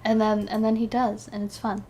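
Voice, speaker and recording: A young woman streaming, chatting casually in an excitable, rambling way, sleepy and yawning between thoughts. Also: mid-range voice, normal speed, slight background noise. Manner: excitable, rambling, giggly, with restarts. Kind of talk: casual chat while ranking game characters.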